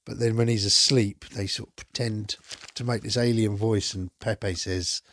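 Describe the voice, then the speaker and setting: A man's voice: fairly low pitch, steady tone, normal speed, fairly bright tone, a little hiss or hum. A man hosting a podcast, chatting enthusiastically through a casual film review and swearing now and then. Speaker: podcast host.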